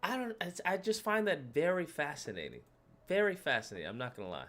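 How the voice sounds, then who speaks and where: A male livestream host reacting out loud to clips. His pitch jumps around as he talks, and he circles back over the same phrases. Faint music sits under his voice. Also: a little fast. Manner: animated, repeats phrases, says "bro". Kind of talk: casual livestream reaction commentary.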